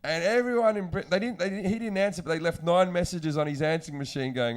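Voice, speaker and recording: A man's voice: high voice, fast talker. Crude storytelling comedian man. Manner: crude, rambling anecdotes with mimicked quotes and laughs. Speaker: podcast host, comedian. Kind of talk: casual storytelling chat.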